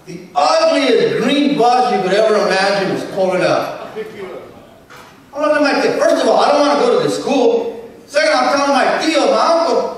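Animated high-voiced man in an echoing hall. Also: normal speed. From Southern California. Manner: storytelling, animated, acts out dialogue with a Spanish switch. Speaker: keynote speaker. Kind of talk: motivational keynote speech. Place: large convention hall. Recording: echoey hall from far off, faint noise.

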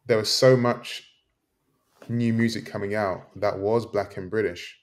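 A man's voice: lowish voice, steady tone, unhurried. A man, a professor guest, answering thoughtfully and reflecting on memories. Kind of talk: interview.

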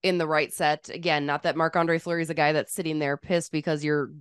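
A woman's voice: deep voice, flat delivery, brisk, smooth, no room sound, studio quality. A woman hosting a sports podcast, chatting casually with a playful, teasing and opinionated manner. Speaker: podcast host.

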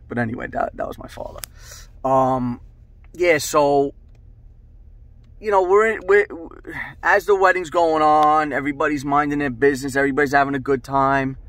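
悪態まじりに語る中年男性. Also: male voice, on the high side, moderate pace. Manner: profane, rambling, animated. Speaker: host. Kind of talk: casual storytelling.

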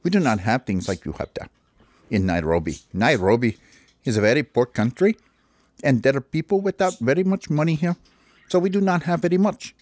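A man voicing a friendly local bird in a told story, speaking in formal, halting phrases. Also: mid-range voice, animated, a little mellow, no echo, pitched above the performer's own voice, natural voice. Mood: earnest.

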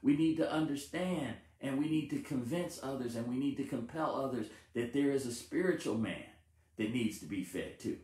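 A man's voice: medium pitch, animated, normal speed, darkish tone, echoey room. A married man preaching a sermon, repeating phrases with emphasis and stumbling over words now and then. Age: adult, married with family. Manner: repetitive, emphatic call-and-response preaching with stumbles.

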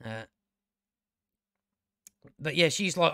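A man's voice: on the high side, expressive, takes it slowly, sharp tone, dry recording, clean studio sound. Chatty man rambling through a review. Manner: chatty, frequent restarts, swears casually. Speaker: TV review channel host.

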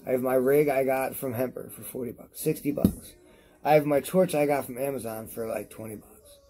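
A man reviewing products on his vlog in a rambling, profane rant to camera while he is high, repeating himself as he talks. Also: fairly even intonation, brisk, warm tone.

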